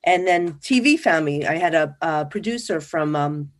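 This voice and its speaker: A woman from New Jersey, a psychic guest in an interview, telling stories in a lively, chatty way and acting out what people said. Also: low-pitched, normal speed. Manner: animated, acts out quoted dialogue. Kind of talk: casual interview storytelling.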